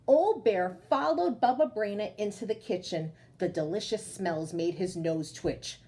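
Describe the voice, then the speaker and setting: A woman's voice: mid-range voice, measured pace, hardly any pauses, warm tone. A woman, a teacher, reading a storybook aloud to children, stopping to ask them questions and explain the story.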